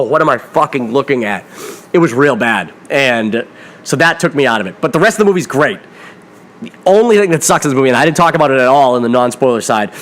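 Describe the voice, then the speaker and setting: A man hosting a podcast, giving a casual, rambling film review with frequent swearing and self-corrections. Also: medium pitch. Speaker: podcast host reviewing films.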